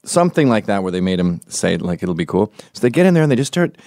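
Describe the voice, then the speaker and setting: A man's voice: fairly low pitch, big pitch swings, quick pace, mellow, no echo, studio quality. A man in his forties doing a profane, opinionated comedic podcast monologue, slipping into quoted voices as he tells stories. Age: 40s. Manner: acts out quoted voices mid-story.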